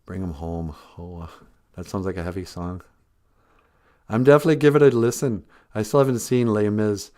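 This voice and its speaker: A man's voice: fairly low pitch, moderate pace, warm tone. Chuckling male live stream host. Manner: chuckles often, reflective, thinks aloud. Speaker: live stream host reading viewer comments. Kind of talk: casual live stream chat.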